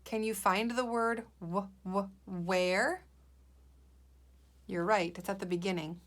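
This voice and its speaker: A woman's voice: medium pitch, steady tone, slow, a bit bright. A woman teacher leading a guided reading lesson for young children, patient and encouraging, sounding out letters and words.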